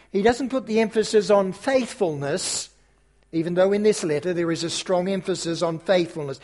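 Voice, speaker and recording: Male pastor, high voice, earnest sermon delivery, addresses the congregation. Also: a little mellow. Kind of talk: sermon and closing prayer.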